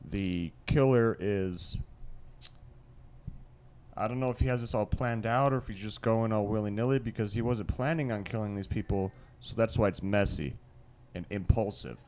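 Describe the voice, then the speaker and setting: A man's voice: lowish voice, moderate pace, a little mellow, slight background noise. A man co-hosting a podcast in a studio, brainstorming in a rambling, profane way, full of restarts and swearing. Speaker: podcast co-host. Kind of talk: casual brainstorming chat.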